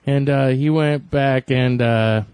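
A man's voice: medium pitch, steady tone, takes it slowly, a little mellow, clear, resonant tone, dry recording. A man co-hosting a radio show, laid back, mostly chiming in with short replies in casual chat. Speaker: radio co-host.

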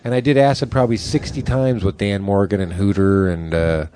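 A man in his forties telling a wild story in casual chat, animated, swearing often and acting out the voices of people in it. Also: on the low side, fairly quick, a little hiss or hum.

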